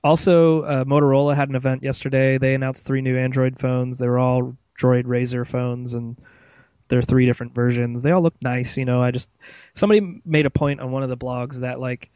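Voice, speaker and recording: A man hosts a casual tech podcast, talking through the news in a rambling, chatty way. His pitch is average, and the sound is dry and close. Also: flat delivery, brisk, a little mellow, smooth, dry recording, muffled recording. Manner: chatty, rambling, with many fillers and restarts. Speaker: podcast host.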